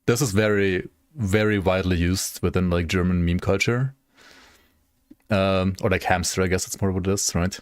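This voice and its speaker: Low-voiced young male streamer, dry sound. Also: fairly even intonation, moderate pace, no echo. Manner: rambling, laughing, swearing freely. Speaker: gaming streamer. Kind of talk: casual livestream chat.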